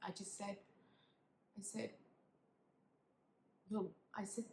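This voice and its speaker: A young woman tells a painful personal story to camera, halting and emotional, with many fillers and quiet, whispered moments. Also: mid-range voice, steady tone. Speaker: vlogger. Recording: echoey room with faint background noise.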